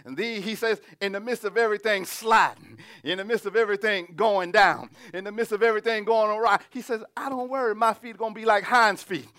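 A man preaching a sermon, reading scripture and building to shouted, humming, laughing exclamations. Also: high-pitched, fairly quick, few pauses.

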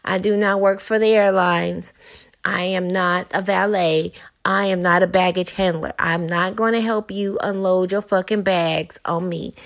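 A woman giving a casual monologue to viewers, blunt and profane, swinging between loud ranting and low, musing talk. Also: steady tone, unhurried.

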